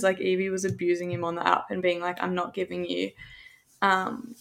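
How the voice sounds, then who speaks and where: A woman's voice: on the low side, level tone, normal speed, vocal fry. A young woman with an Australian accent, telling a story in a chatty, rambling way with frequent swearing. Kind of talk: casual storytelling.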